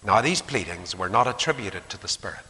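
A man preaching a sermon, animated, acting out quotes and dropping to hushed asides. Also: lowish voice, brisk, breathy edge. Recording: long hall reverb.

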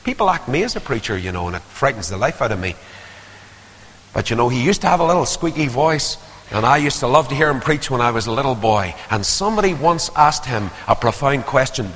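An older man preaching a sermon, swinging from hushed asides to loud, rising appeals. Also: mid-range voice, very animated, fairly quick. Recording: long hall reverb.

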